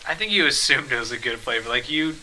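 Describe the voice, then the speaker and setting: A man's voice: medium pitch, expressive, fast talker, bright, forceful tone, rough recording. A young man chatting casually, joking and laughing along. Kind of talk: casual chat.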